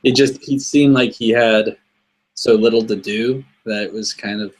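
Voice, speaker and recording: Low-voiced man mulling things over. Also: steady tone, unhurried, breathy edge, poor audio. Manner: thoughtful, repeats and restarts phrases. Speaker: guest. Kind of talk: casual movie discussion.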